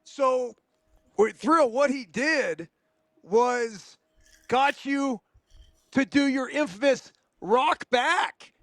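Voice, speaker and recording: A man's voice: very high voice, extremely slow, long pauses, a bit bright, no room sound. A man co-hosting a casual sports chat, prompting his partner to explain things. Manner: prompting, leads the guest to explain. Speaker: co-host.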